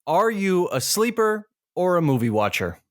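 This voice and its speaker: A man's voice: sits high, sing-song, normal speed, no echo, studio quality. A man co-hosting a podcast, telling a long anecdote in casual chat with frequent restarts. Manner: storytelling, rambling with restarts. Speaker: podcast co-host.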